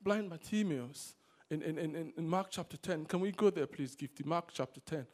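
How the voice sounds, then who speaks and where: A man preaching a sermon to a congregation, swinging between loud exhortation and quiet asides. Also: a little high, normal speed. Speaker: pastor. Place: church service.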